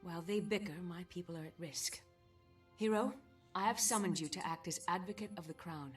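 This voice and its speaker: An actress voicing a composed, commanding queen in a video game cutscene, with formal, measured delivery and faint music behind her. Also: lowish voice, close to an everyday voice. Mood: regal. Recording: game audio under background music.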